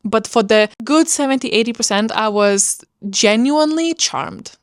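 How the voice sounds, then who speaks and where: Chatty book vlogger lady rambling on, smooth clear voice, close dry sound. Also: fairly high pitch, expressive, normal speed, no room sound. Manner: chatty, rambling, many fillers. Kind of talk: casual chat.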